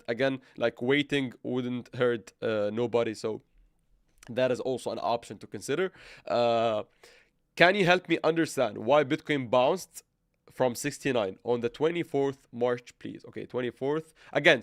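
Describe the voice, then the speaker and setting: A man's voice: medium pitch, no echo, studio quality. A man hosting a live trading stream, reading viewer comments and thinking aloud with frequent stumbles and restarts. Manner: halting, stumbles and restarts, thinks aloud while working charts. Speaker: crypto trading livestream host.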